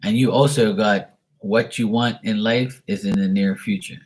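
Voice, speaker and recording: A man's voice: lowish voice, steady tone, normal speed. A man giving casual live tarot readings and teasing viewers as he answers them. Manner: teasing, talks back to chat. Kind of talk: casual livestream chat.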